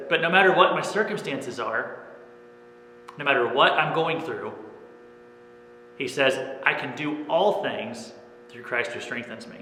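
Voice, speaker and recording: A man's voice: a little high, sharp tone, slight background noise. A man preaching a sermon as pastor, earnest and plain, often checking in with "okay?". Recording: echoey room with long reverb.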